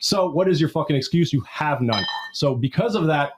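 A brash man calls out his listeners with heavy swearing and commands them to work. His voice sits slightly high, with a faint hiss of noise behind it. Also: animated, a little fast. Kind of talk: motivational call-out.

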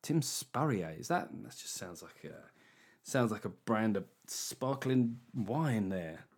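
A man with an English accent hosting a comedy podcast, sweary and mocking, tossing in quick jokey asides. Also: fairly low pitch, big pitch swings, darkish tone, slightly rough. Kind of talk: casual comic podcast chat.

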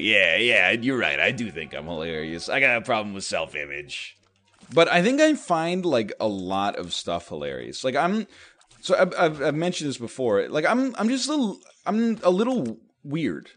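Rambling self-deprecating male host. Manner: jumps in pitch when acting out quoted people. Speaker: show host. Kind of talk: casual comedic monologue.

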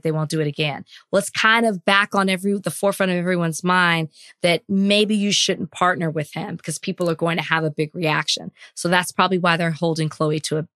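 A woman co-hosting a podcast, giving her opinions in a measured, deliberate way. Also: on the low side, a bit bright, dry recording, clean studio sound. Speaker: podcast co-host. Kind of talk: casual podcast discussion.

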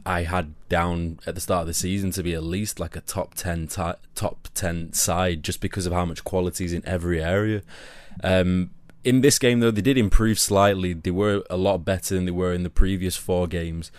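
A man's voice: deep voice, little pitch movement, normal speed, dry recording. A man co-hosting a football podcast, giving earnest, opinionated analysis. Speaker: podcast co-host.

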